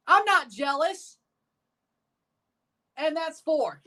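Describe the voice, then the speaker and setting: A woman streaming a sports watchalong, ranting with profanity and sarcasm and bursting into shouts. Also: high voice, animated, a little slow. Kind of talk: live sports reaction rant.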